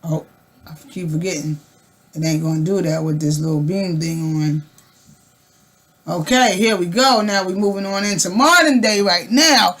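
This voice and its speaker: A woman's voice: lowish voice, moderate pace, a bit bright. Fervent woman vlogger, loose casual talk w/ lots of restarts and pointed questions. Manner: loose and conversational, with frequent restarts.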